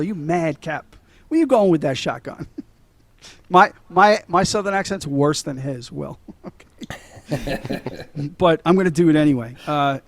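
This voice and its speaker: In a dry recording, a middle-aged podcast co-host with a fairly high, creaky voice recaps films casually. He laughs as he walks through the scenes and swears frequently along the way.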